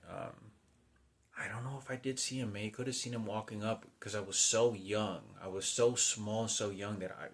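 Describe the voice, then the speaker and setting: Low-voiced man telling a rambling story. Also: a bit bright. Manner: halting, unsure, restarts and trails off. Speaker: vlogger.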